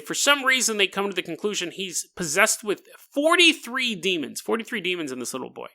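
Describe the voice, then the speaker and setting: A male podcast host telling a story with sarcastic jokes and frequent laughter. His voice sits high and has a very bright, sharp edge. The tone is casual and mocking. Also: very animated, a little fast, few pauses. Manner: sarcastic, joking, laughs often.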